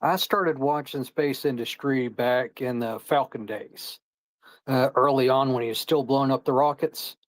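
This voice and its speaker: Calm indiana guy calling in, explains stuff, dry audio. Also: mid-range voice, moderate pace, no echo, low-quality recording. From Indiana, United States. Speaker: caller. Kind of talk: casual conversation. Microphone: online audio call.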